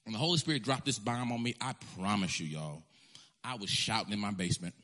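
A man preaching a storytelling sermon as a pastor, animated and emphatic, often restarting his phrases. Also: on the low side, fast.

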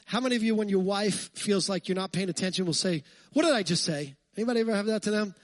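A male pastor delivers a lively, conversational sermon packed with jokes and asides to the congregation. His voice is high and rapid-fire, with no echo.

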